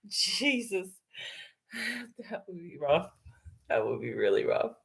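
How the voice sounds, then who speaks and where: A woman's voice: fairly low pitch, big pitch swings, slow pace, gravelly, pauses often. A woman casually chatting with her livestream viewers, rambling, swearing freely and laughing often.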